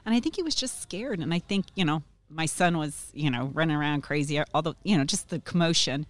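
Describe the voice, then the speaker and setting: A woman's voice: sits low, lively intonation, fairly quick, no room sound. A middle-aged woman who is a guest in an interview, telling a story casually, with a sarcastic streak and plenty of ums. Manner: sarcastic, chatty with frequent ums.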